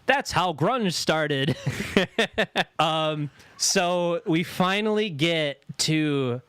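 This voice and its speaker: Clear and resonant, with no echo, the medium-pitched voice belongs to a podcast co-host telling stories in a casual chat. He's profane and animated, cursing often and mimicking the voices of those he quotes.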